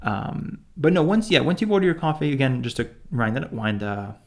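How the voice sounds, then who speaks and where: A man's voice: mid-range voice, big pitch swings, fairly quick. A young man co-hosting a casual chat, rambling with many restarts and fillers. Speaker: podcast co-host.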